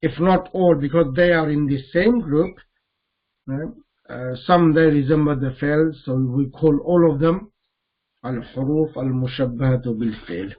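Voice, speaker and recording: A man teaching Arabic grammar in a classroom lesson, explaining slowly and repeating the words he recites. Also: on the high side, phone-quality sound.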